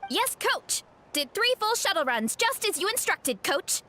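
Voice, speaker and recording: A woman's voice: very high-pitched, big pitch swings, measured pace, sharp tone, a little hiss or hum, heavily acted. A woman voicing a friendly, easygoing young woman athlete in a video game. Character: cheerful young woman athlete, sleepy mornings. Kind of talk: game voice acting. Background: game music.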